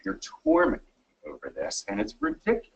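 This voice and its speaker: A man's voice: sits low, big pitch swings, quick pace, lo-fi sound, a crowd in the background. A man playing a demanding, upset client in a staged job interview, stammering through exasperated complaints. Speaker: employee acting as a difficult client.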